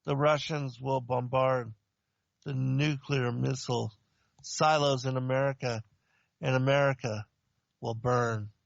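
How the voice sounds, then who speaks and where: A stern male angel of God delivers slow, solemn warnings, as a man retells his words. The voice drops a little lower and keeps a gravelly edge. The recording is dry and dull. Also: fairly even intonation, no echo. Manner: solemn, slow, commanding pronouncements.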